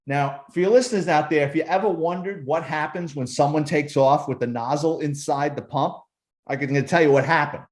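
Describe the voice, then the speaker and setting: Profane former cop spinning stories, roomy sound. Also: male voice, on the high side, moderate pace. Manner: profane, animated storyteller. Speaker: former police officer, guest. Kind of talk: casual storytelling.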